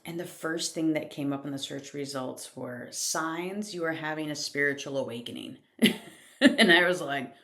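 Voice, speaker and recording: A podcast host with a low, slightly bright voice speaks at normal speed in a reflective personal storytelling monologue. She tells her own story candidly and casually, laughing often and swearing lightly.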